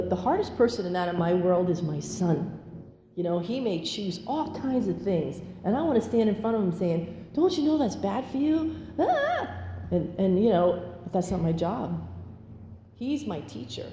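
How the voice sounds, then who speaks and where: A woman giving a candid personal testimony as a speaker at a recovery meeting, animated and acting out quotes. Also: fairly low pitch, a little hiss or hum. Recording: echoey hall with long reverb, faint ambience.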